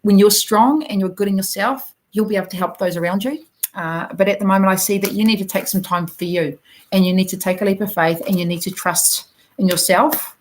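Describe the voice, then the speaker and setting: A woman from New Zealand with a soft New Zealand accent, doing a live oracle card reading for her viewers. She talks gently and encouragingly, straight to the listener, with frequent ums and unhurried pauses. Her voice sits at an ordinary middle pitch. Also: fairly even intonation, poor audio. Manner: gentle, encouraging, addresses the viewer directly with many fillers.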